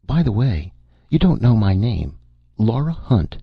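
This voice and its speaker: A man's voice: fairly low pitch, big pitch swings, a little slow, creaky, slightly rough, no echo, pitched above the performer's own voice, exaggerated voice. A man voicing a curious, friendly young small-town woman with a lightly teasing manner, in a dull lo-fi recording.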